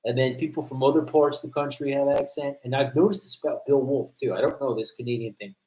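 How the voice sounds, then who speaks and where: A man's voice: medium pitch, fairly even intonation, quick pace, mellow. An American man hosting a livestream, chatting and telling stories in a blunt, profane way. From United States. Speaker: livestream host, combatives trainer. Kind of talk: casual livestream chat. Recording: roomy echo.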